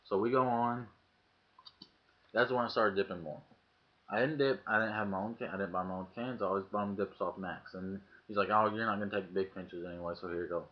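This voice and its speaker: Low-voiced man, lo-fi webcam story. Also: steady tone, brisk. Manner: profane, acts out quoted lines in the story. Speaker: vlogger. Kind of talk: casual storytelling. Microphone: webcam mic. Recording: dull lo-fi webcam audio.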